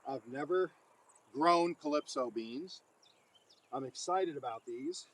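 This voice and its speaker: A man's voice: a little high, slow, a bit bright. A man, chatting casually as he gardens in his backyard and talks to his dog, folksy and rambling. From Oklahoma. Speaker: gardening vlogger. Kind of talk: casual chat while gardening.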